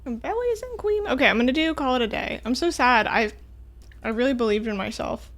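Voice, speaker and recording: A woman's voice: fairly high pitch, fairly quick, fairly bright tone. A woman streaming a puzzle game, chatting casually and joking at her own expense as she plays. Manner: chatty, self-mocking, talks to herself. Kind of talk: casual gameplay commentary.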